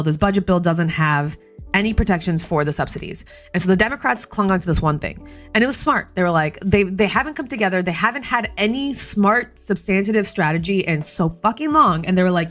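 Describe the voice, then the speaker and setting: A woman's voice: fairly low pitch, expressive, fairly quick, fairly bright tone, faint music behind. A woman hosting a casual political livestream from home, heated and swearing, firing off bursts of outrage. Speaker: livestream host. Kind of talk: casual political commentary stream.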